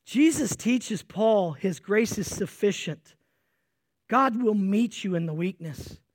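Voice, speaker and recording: A man preaching a sermon with energy, swinging between loud emphasis and quiet intensity, sweating as he speaks to a congregation. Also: sits high, lively intonation, takes it slowly. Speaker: pastor.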